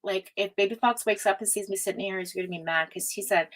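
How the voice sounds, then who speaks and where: A woman's voice: mid-range voice, normal speed, long pauses, poor audio. Chatty woman doing a casual tarot reading. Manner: chatty and affectionate, calls viewers cutie pie; meandering, full of fillers and restarts. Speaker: tarot reader hosting a livestream.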